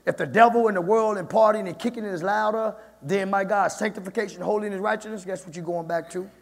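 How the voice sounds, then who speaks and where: A male pastor preaching a sermon whose talk climbs to loud shouts, recorded in a church sanctuary. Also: high voice, quick pace, creaky, long reverb tail.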